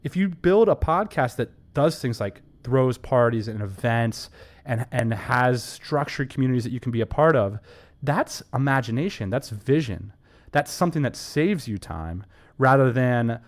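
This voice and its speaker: A man's voice: mid-range voice, lively intonation. Enthusiastic man co-hosting a business podcast. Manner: enthusiastic, emphatic, quick asides. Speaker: podcast co-host. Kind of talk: casual business podcast chat.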